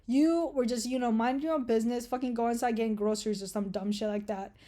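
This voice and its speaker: A woman's voice: fairly high pitch, fairly even intonation, fast, dark tone. Profane, rambling woman vlogger. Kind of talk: casual vlog rant.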